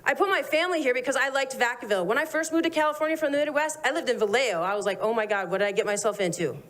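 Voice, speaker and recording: A young woman speaks at a city meeting's public comment. Her voice is high, and she talks bluntly and conversationally, with frustration. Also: a little hiss or hum.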